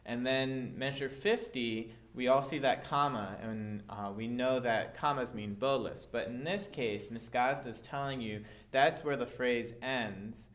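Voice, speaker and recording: A man's voice: medium pitch, measured pace, hardly any pauses, a bit bright. A man teaching a violin part, explaining dynamics patiently with occasional fillers. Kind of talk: instrument lesson.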